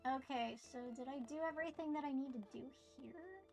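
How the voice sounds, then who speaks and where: A woman's voice: sits high, brisk, vocal fry, darkish tone, faint music behind. A woman streaming a video game, chatting casually with herself and her chat in a playful, teasing way. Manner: playful, talks to herself and reads chat aloud.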